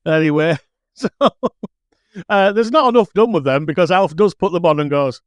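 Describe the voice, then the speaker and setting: A man's voice: fairly high pitch, normal speed, smooth, no echo. A man co-hosting a podcast in casual chat, joking and laughing often. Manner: chatty, laughs often, playful asides. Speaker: podcast co-host.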